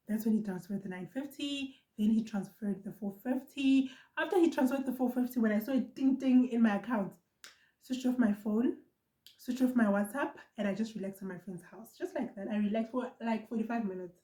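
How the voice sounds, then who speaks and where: A young woman with a South African accent tells a personal story to her viewers in a casual, animated vlog style, talking fast in bursts and repeating lines for emphasis. Her voice is soft and mellow rather than bright, and it rings out in a roomy, echoey space. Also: on the high side. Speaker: vlogger.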